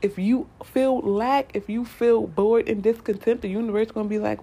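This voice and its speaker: A woman's voice: fairly high pitch, normal speed, vocal fry, hardly any pauses, slightly rough. Chatty woman giving a tarot reading. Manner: chatty, repetitive, animated, addresses viewers as y'all. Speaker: tarot reader. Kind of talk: casual tarot reading monologue.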